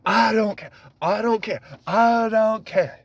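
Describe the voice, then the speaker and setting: A man briefly mimicking a boastful older male politician, making flat, repeated declarations. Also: medium pitch, slow, dry recording, lightly acted. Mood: dismissive.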